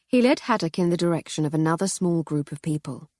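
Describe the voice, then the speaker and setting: Wry woman audiobook narrator, low-pitched and husky, dry close sound. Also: darkish tone, no room sound. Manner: wry, measured storytelling. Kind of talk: scripted narration.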